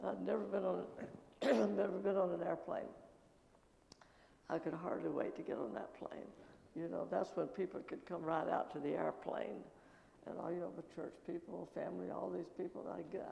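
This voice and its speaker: An older woman missionary telling her story in church with lively anecdotes and quoted dialogue, recorded in an echoing church. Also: on the low side, vocal fry, muffled recording. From American Midwest. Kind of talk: testimony talk at church. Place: church sanctuary. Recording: echoey church with long reverb.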